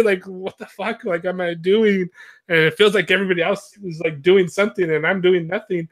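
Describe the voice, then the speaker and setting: A man's voice: sits high, fairly even intonation, normal speed, fairly bright tone. A young man in casual conversation, talking loosely with lots of fillers and frequent laughter. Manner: rambling, filler-heavy, laughs often. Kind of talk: casual chat.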